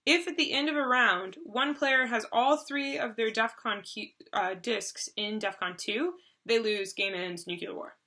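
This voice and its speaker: With a fairly high, sharp-toned voice, a woman explains board game rules as a co-host, unhurried yet with hardly any pauses. She stays chatty and loose, stumbling through fillers and restarts.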